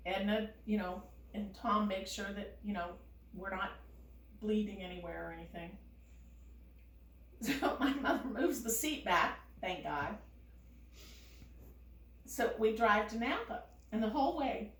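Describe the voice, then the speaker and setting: Animated woman telling a story in a roomy space. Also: mid-range voice, a little slow, pauses often, distant mic. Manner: animated, often laughing mid-story. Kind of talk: casual spoken anecdote.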